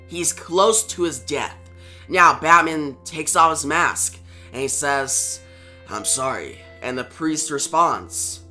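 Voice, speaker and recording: A man's voice: a little high, pushed and bright. A man reviewing a comic book on video, retelling the story casually and talking to viewers. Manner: plain retelling with fillers and asides to viewers.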